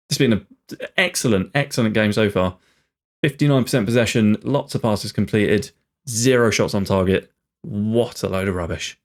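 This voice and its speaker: A young man thinking aloud and commentating live on his own game, chatty and bursting into excitement at goals. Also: lowish voice. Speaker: gaming channel host.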